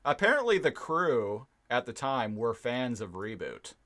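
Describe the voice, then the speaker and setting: A man co-hosting a podcast, recapping a show in a relaxed, deliberate way with some hesitation. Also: mid-range voice. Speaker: podcast co-host. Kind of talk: casual chat, recapping an episode.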